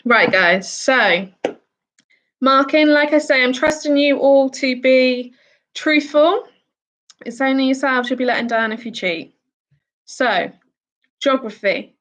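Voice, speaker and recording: A woman's voice: high voice, slow, pauses often, a bit bright. A woman from the UK hosting a casual quiz, reading out each question and answer with chatty asides. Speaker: quiz host.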